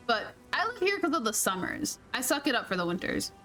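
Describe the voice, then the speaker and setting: Brief: chatty woman game streamer, playful and giggly, high voice. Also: very animated, normal speed, fairly bright tone, soft background music. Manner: chatty, laughs often, playful mild cursing. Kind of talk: casual gameplay chat.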